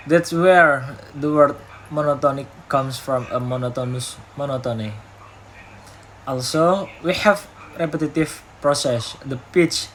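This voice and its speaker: Young Indonesian man, higher voice, very slow, halting reading, grammar slips, class assignment. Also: slight background noise, low-quality recording. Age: young adult. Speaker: university student. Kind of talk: retelling a talk for a class assignment.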